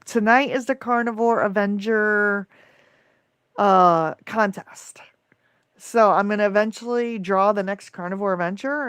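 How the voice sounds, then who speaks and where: A woman's voice: mid-range voice, no room sound, clean studio sound. A woman hosting a casual livestream, effusively thanking viewers by name as she reads the chat. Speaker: livestream host.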